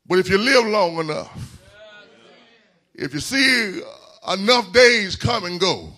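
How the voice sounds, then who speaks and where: A high, piercing male voice carries this church sermon. His tone is husky and forceful, and it swells into hollered, half-sung preaching. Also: very animated, takes it slowly. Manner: whooping call-and-response preaching, rising into shouts.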